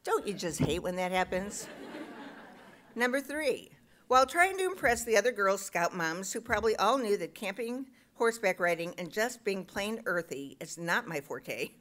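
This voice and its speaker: A woman's voice: mid-range voice, expressive, moderate pace, a bit bright. A middle-aged woman reading her own comic personal essay aloud at a live show, self-mocking with punchy timing.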